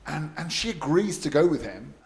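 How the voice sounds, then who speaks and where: A man's voice: on the high side, moderate pace, vocal fry. A man co-hosting a casual podcast chat, telling a story with lots of laughs and acted-out quotes. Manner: animated storyteller, laughs often, acts out quotes. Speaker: podcast co-host.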